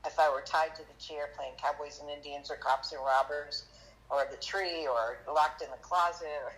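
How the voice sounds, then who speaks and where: A woman guest on a podcast, telling her story in a halting, chatty way with many fillers, turning lively when she quotes people. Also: deep voice, low-quality recording. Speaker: magician guest. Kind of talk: conversational storytelling interview.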